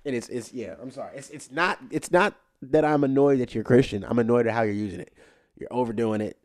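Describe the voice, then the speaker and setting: A young man hosting a casual podcast, ranting animatedly and getting loud when worked up, then settling low and quiet to tell a story. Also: fast. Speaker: podcast host.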